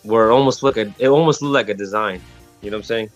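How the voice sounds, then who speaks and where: A man from Texas with a fairly low voice tells a rambling, slang-filled story. He often stops to restart his sentences and fills the gaps with "um" and "right?". Faint music plays behind him. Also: fast talker, lo-fi sound. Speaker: podcast co-host telling a story. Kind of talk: casual storytelling chat.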